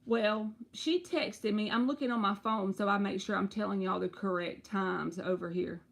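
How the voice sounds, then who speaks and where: A woman, giving tarot readings on a live stream and chatting to her viewers in an animated, storytelling way. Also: mid-range voice, moderate pace, gravelly. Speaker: tarot reader.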